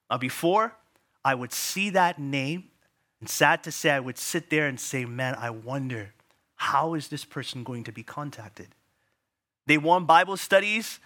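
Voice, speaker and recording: Bright-voiced pastor telling a story. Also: male voice, a little high. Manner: vivid storytelling with sudden drops to hushed tones. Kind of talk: sermon.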